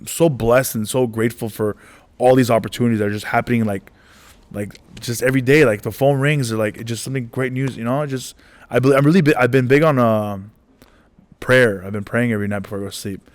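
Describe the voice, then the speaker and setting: A man in his forties, a comedian telling stories in a casual interview, rambling and animated, acting out the dialogue. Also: medium pitch, fast. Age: 40s. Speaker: comedian guest.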